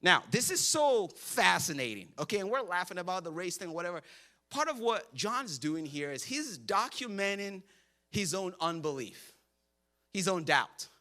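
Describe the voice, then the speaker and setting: Bright-voiced joking pastor preaching. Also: male voice, high voice, very animated, moderate pace. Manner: joking storyteller, acts out quotes; laughs often while preaching. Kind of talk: sermon.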